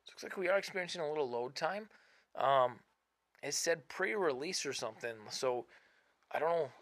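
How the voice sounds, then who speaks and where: A man's voice: a little high, animated, moderate pace, no echo. Chatty man doing game commentary. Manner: chatty, self-mocking, swings from mumbling to loud frustrated outbursts. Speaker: gaming channel host. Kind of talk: casual gameplay commentary. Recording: noisy background.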